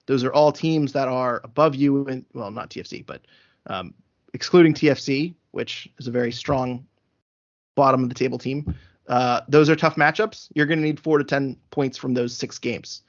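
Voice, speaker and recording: On a casual sports podcast with dull lo-fi sound, the male host works through the numbers methodically. His mid-range voice moves at a moderate pace, and fillers come often.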